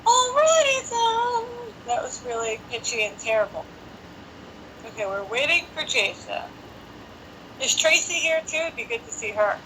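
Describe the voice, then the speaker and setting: A woman's voice: fairly high pitch, normal speed, long pauses, sharp tone, slight background noise, poor audio. A woman hosting a casual live stream from her apartment on a phone. She chats and jokes to herself while she waits for guests. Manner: chatty, joking, talks to herself while waiting. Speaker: host. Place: home apartment.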